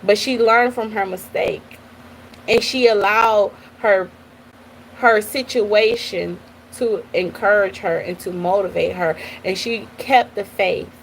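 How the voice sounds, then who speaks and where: A woman hosting a motivational live stream, telling stories in an animated way and talking straight to her listeners. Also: medium pitch, slow, creaky, a little hiss or hum, low-quality recording. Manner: animated, addresses listeners as y'all, repeats okay. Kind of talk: motivational storytelling talk.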